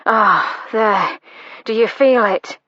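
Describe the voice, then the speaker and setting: A woman reader voicing a male lover in whispered role-play, speaking in a low, breathy hush in a slightly dull lo-fi recording. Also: slow pace, dry recording, full character voice. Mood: hushed, urgent.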